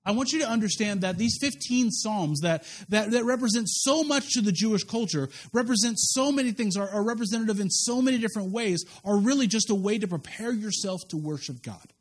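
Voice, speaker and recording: A man preaching a sermon as a pastor, telling a personal story with lively quoted voices and frequent restarts. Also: high-pitched, a little fast, few pauses.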